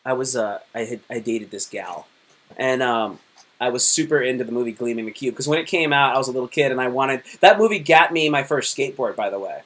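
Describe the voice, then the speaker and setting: A man in his thirties hosting a live stream, chatting casually and telling lively stories with many fillers. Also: medium pitch, a little fast. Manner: animated storyteller, many fillers. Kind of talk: casual chat.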